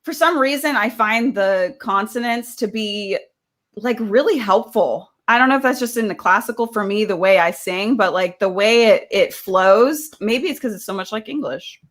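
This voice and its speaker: A woman's voice: mid-range voice, normal speed. A woman from California chatting with enthusiasm and saying like a lot. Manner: enthusiastic, talkative, says like often. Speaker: voice group singer guest. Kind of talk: casual chat.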